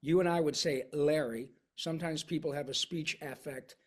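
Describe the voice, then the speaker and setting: A man talking as a voice actor in a casual interview, animated and slipping into voices to show his points. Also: on the high side, normal speed. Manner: animated, slips into voices and dialects to demonstrate.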